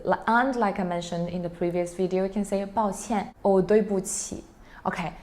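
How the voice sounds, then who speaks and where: A woman's voice: lowish voice, darkish tone. Woman teaching spoken Chinese phrases. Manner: demonstrates phrases with exaggerated annoyed intonation. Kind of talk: explaining phrases to learners.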